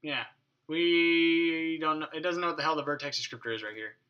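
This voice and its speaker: This programming tutorial host speaks in a high voice at a racing pace, and the sound is lo-fi. Walking through code casually from his home desk, he thinks out loud, mumbles at the screen, and cracks jokes with mild cursing.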